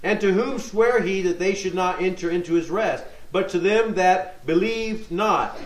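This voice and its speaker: A man's voice: high-pitched, unhurried. A man preaching a sermon, teaching verse by verse, reading scripture aloud and checking in with his listeners. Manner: teaching tone, reads scripture aloud, asks rhetorical questions, checks in with "okay?". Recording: echoey room.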